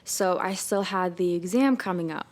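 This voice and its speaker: A young woman, a podcast guest, telling a lively personal faith story and acting out her own thoughts in quotes. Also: lowish voice, normal speed. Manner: animated storytelling with quoted inner dialogue. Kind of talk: casual faith testimony.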